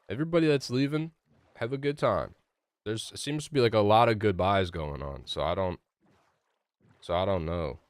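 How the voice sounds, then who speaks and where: A man's voice: lowish voice, moderate pace, long pauses, smooth, no room sound. A young man live-streaming a game, chatting loosely with his chat, rambling and swearing casually. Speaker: gaming streamer.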